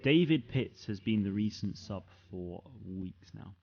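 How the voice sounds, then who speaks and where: A man's voice: on the low side, lively intonation, unhurried, darkish tone, dull audio. A young man hosting a live stream, chatting casually with viewers in a rambling way, full of fillers and restarts. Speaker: streamer and channel host. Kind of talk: casual live-stream chat reading comments.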